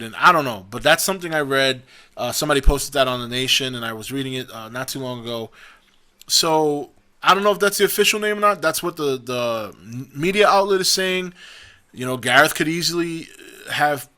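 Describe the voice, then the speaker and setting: Bright-voiced chatty young man vlogging. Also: fairly high pitch. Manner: rambling, chatty, with frequent restarts. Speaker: vlog host. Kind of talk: casual opinion vlog.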